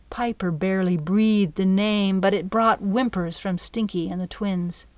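A woman narrating a children's adventure audiobook in a measured, expressive way. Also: medium pitch, dry recording.

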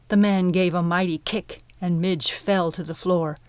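A woman giving a scripted audiobook narration of a story, in an even, measured way. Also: fairly low pitch, smooth, dry recording.

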